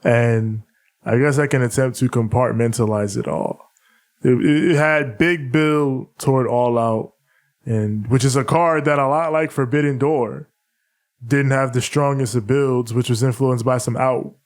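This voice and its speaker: A man's voice: medium pitch, steady tone, a little slow. A man co-hosting a casual podcast, breaking things down articulately and laughing often. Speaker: podcast co-host. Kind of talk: casual chat, analytical recap.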